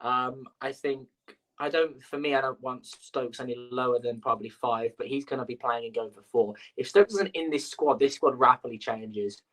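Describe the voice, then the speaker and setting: A man's voice: mid-range voice, moderate pace, fairly bright tone, rough recording. A man hosting a sports podcast, thinking aloud with lots of fillers in casual chat. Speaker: podcast host.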